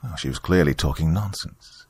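A man narrating a first-person horror story in a steady, grave way. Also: very deep voice, normal speed, husky, dry recording.

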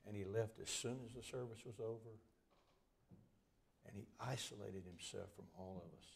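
A man preaching at a church revival, telling a story that swings from loud outbursts to hushed near-whispers. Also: on the low side, moderate pace, creaky, slightly rough.

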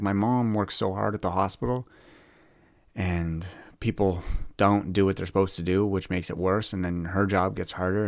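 A man's voice: low voice, creaky, no echo, studio quality. A young man hosting a solo podcast, rambling candidly and often repeating words as he searches for what to say. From Canada. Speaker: podcast host.

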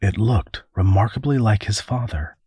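Reading scripted narration for an audiobook, a male voice comes through very deep and husky at an even, ordinary speed. Close and dry, the sound has no room echo.

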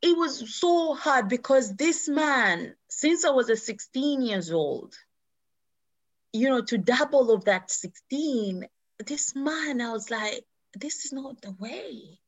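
Woman in her 30s telling her own story, voice jumps all over, slightly high. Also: takes it slowly. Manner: animated, acts out quoted voices. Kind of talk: personal storytelling.

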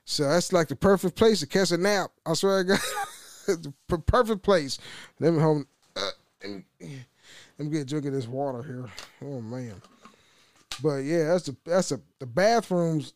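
Casting: young male podcaster, slightly high voice, loose profane rambling, dry close sound. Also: normal speed, dry recording. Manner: rambling, profane, laughs often, restarts. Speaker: podcast host. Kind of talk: casual solo podcast rant.

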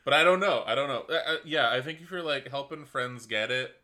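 A man with a bright, sharp voice at an ordinary pitch. He chats in a relaxed, jokey way as a podcast co-host and cheers on his friend's stories. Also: brisk. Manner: laid-back, supportive reactions, jokey asides. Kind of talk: casual chat.

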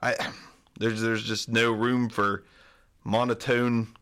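A man's voice: mid-range voice, level tone, slow, a bit bright, smooth. A man co-hosting a podcast, chatting in a laid-back, enthusiastic way and swearing casually. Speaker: podcast co-host.

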